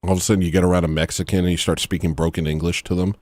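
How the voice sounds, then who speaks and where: A man's voice: sits low, flat delivery, rapid-fire, few pauses, a little mellow, dry recording. A man hosting a livestream, rambling and joking in a self-mocking, comedic rant. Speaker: livestream host.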